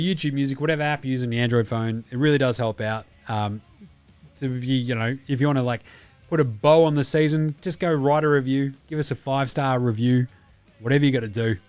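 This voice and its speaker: Aussie bloke podcast host, casual and sweary, dry sound, bit of music in the back. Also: male voice, medium pitch, clean tone, no room sound. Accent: Australian. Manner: swearing, laid-back and matey. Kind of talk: casual sign-off chat.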